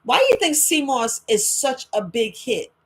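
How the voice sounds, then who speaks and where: Lively woman herbalist talking freely. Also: high voice, normal speed. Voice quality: animated, talks back and forth with imagined listeners. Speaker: herbalist host. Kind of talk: casual monologue.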